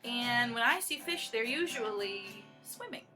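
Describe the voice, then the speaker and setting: Cheerful high-voiced woman teaching kids. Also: expressive. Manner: cheerful, encouraging, speaks slowly to young children. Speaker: children's movement teacher. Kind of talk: leading a children's dance song. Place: at home. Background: acoustic guitar.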